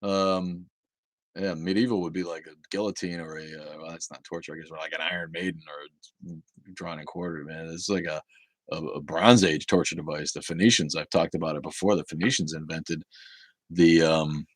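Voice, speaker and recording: A man's voice: rumbling low, steady tone, moderate pace, dry recording, studio quality. A man hosting a casual livestream, reading out viewer comments and answering them with sarcastic, profane rants full of restarts.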